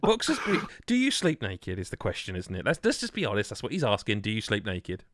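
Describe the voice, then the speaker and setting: Rambling jokey podcast host. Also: male voice, lowish voice, huge pitch swings, fairly quick, a bit bright. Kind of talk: casual chat.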